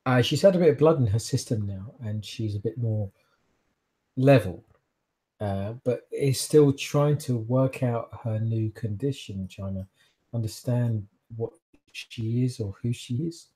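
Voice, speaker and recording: A man runs a tabletop game, describing the scene in a halting, word-searching narration. His voice is mellow and dark, with an average pitch. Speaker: game master.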